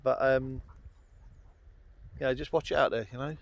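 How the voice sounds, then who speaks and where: A man's voice: mid-range voice, fairly even intonation, normal speed, creaky. Rambling man on a hillside. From London. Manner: chatty, rambling, full of ums and uhs. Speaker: outdoors vlogger. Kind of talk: rambling casual vlog chat. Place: outdoors on a Welsh hillside. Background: dogs nearby.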